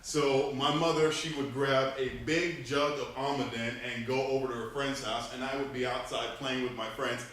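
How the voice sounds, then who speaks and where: A man in his thirties, from Panama, giving an animated humorous speech to a club, laughing between lines. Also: mid-range voice, normal speed, hardly any pauses. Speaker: club speaker. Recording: echoey room, distant mic, faint noise.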